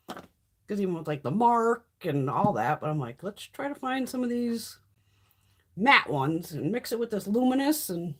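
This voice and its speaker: Blunt, husky-voiced woman chatting live. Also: medium pitch. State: sick. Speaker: beauty livestream host. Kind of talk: casual live-stream chat.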